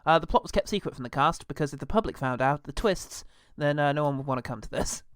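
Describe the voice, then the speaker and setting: A man's voice: on the high side, expressive, fast, clear, resonant tone, no room sound. A man co-hosting a casual comedy podcast, dry and sarcastic, laughing often. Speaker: podcast co-host.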